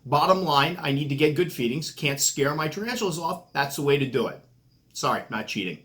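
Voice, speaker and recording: A man's voice: fairly high pitch, animated, brisk, a bit bright. Joking New England man talking to camera. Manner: joking, self-mocking trash talk. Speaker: tarantula keeper and channel host. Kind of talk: casual vlog talk to camera, mock fight interview.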